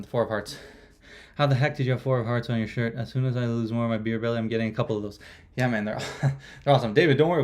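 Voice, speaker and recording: Chatty young man hosting a livestream. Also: medium pitch. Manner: rambling, chatty, many fillers and restarts. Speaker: magic livestream host. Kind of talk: casual live-stream chat.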